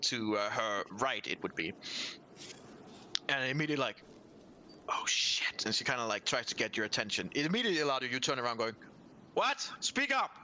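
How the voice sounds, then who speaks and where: Man, game master, loose chatty narration, bright tone, light background hiss. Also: medium pitch, animated, fast talker. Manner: loose, rambling narration full of fillers and laughs.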